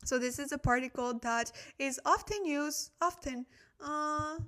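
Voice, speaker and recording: Her high-pitched voice is bright and forceful, moving at a measured pace. She's a young, slightly tired woman hosting a casual Korean-language teaching livestream, chatting, thanking her viewers, and laughing when she slips up.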